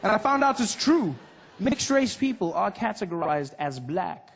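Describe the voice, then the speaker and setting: A man from Africa, performing a lively stand-up comedy routine and acting out voices. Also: sits high, moderate pace, creaky, slight background noise. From South Africa. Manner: animated, acts out voices and laughs.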